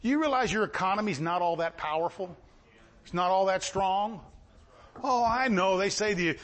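A man preaching a sermon, swinging between shouted lines and low asides. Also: normal speed.

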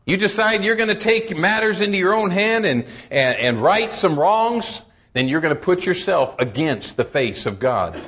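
A man preaching a sermon, emphatic and urging, reading scripture slowly and solemnly and dropping to low, intense tones. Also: very animated, fairly bright tone, highs cut off. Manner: reads scripture in slow, solemn cadence.

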